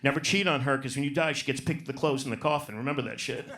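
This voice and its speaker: A man's voice: mid-range voice, fast talker, pushed and bright. A man doing a profane, brash stand-up set in a comedy club, working the crowd. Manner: profane, brash, riffs on audience.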